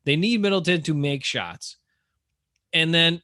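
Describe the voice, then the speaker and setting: A man co-hosting a casual sports podcast, ranting in an animated, exasperated way. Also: on the high side, measured pace, dry recording, studio quality. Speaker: podcast co-host.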